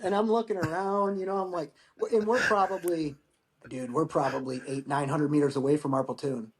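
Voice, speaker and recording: An American man in his forties tells stories from his service as a podcast guest. His voice sits a little high for a man, and he talks loosely, cursing freely and doubling back on his words. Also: fairly quick. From United States. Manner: relaxed, profane, repeats words when starting phrases. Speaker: guest, Marine veteran. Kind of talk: casual storytelling.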